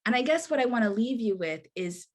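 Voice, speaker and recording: A woman's voice: a little high, animated, a little fast. Earnest woman presenting over video call. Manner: earnest, conversational, many restarts and rhetorical "right?". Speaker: workshop presenter. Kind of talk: online workshop talk.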